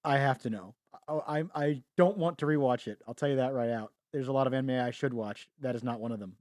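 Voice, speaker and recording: A man's voice: mid-range voice, fast, darkish tone, no room sound, studio quality. A young man co-hosting a podcast, talking casually, joking, laughing and swearing. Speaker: podcast co-host. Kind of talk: casual chat.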